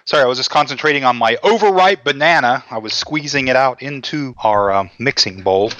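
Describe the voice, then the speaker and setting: A man's voice: mid-range voice, brisk, a bit bright, no echo. Chatty man, dull dry sound. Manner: folksy, chatty, tells jokes with voices. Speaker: cooking show co-host. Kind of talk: casual cooking talk.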